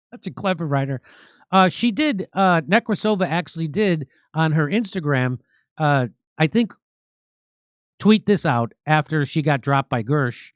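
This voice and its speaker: Sarcastic, animated male commentator. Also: a little high, unhurried, dry recording, studio quality. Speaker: show host. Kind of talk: political commentary.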